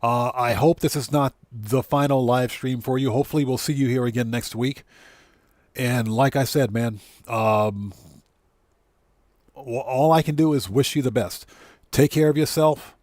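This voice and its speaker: A man's voice: medium pitch, unhurried, darkish tone, no room sound, clean studio sound. A man hosting a casual gaming livestream, talking loosely and greeting chat viewers by name, at times choked up. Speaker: livestream host.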